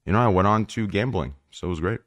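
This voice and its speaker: Hombre brusco de voz grave y seca. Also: male voice, fairly low pitch, quick pace, dry recording. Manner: brash, swearing, repeats himself. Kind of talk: casual group podcast chat. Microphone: wireless headset.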